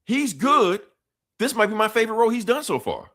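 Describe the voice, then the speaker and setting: Brief: male podcast co-host, animated and profane, lots of pitch movement, laughs often. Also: fairly quick. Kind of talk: casual podcast chat.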